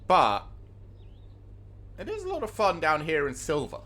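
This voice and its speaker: A man's voice: on the high side, wildly swooping pitch, measured pace, fairly bright tone. A British man in his thirties, a streamer chatting to viewers while playing a card game. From Britain. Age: 30s. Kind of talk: casual gameplay commentary.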